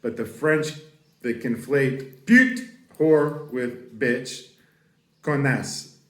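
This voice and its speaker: An American man giving a casual, profane French lesson, rambling with laughs and shouting out example curses. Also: mid-range voice, extremely slow, echoey room. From United States. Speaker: French teacher.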